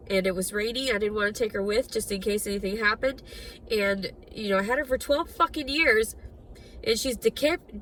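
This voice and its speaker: A woman's voice: medium pitch, a bit bright, recorded from a distance, a little hiss or hum. A woman venting in an angry, profane, bitter personal rant for her video diary. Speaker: vlogger.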